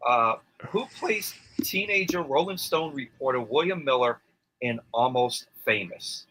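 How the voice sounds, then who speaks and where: Bright-voiced man reading quiz questions. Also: medium pitch, expressive, unhurried, low-quality recording. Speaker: quizmaster. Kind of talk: reading trivia questions in casual chat.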